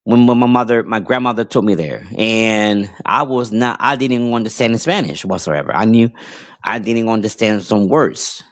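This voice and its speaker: A man who grew up between Puerto Rico and New York, hosting a podcast and telling a rambling casual story with many restarts and animated outbursts. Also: fairly low pitch, moderate pace. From Puerto Rico, raised in New York. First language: English. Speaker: podcast host.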